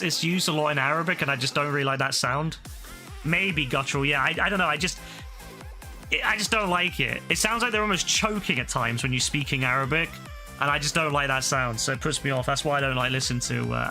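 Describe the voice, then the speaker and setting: A man's voice: on the high side, bright, forceful tone. A young man chatting bluntly while gaming, swearing freely and rambling through his opinions. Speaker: gaming streamer. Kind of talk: casual chat while gaming.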